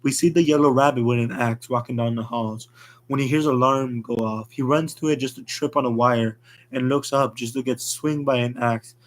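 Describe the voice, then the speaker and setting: A man narrating a fan horror story in a plain, rushed reading with slips. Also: medium pitch, steady tone.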